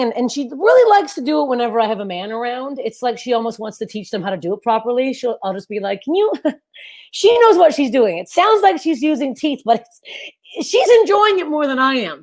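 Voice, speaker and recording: A young woman doing a crude, self-deprecating, rambling stand-up set over a video call. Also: fairly high pitch. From Canada. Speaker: stand-up comedian.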